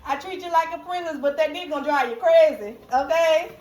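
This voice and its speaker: A woman's voice: high-pitched, brisk, darkish tone, recorded from a distance, voice pushed up, close to an everyday voice. Woman doing a flirty Caribbean-accented man. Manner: teasing, laughing through the lines. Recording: echoey room.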